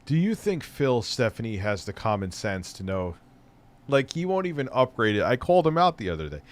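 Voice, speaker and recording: A man's voice: mid-range voice, very animated, fairly quick. A middle-aged man hosting a live stream, chatting loosely and rambling, with casual swearing. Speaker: streamer host.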